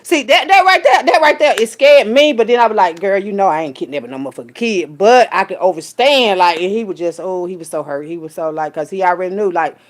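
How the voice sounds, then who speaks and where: Animated, profane woman telling a story. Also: fast, hardly any pauses. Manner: animated, profane, streetwise storytelling with big pitch jumps when quoting people. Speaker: vlogger. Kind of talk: casual storytelling rant.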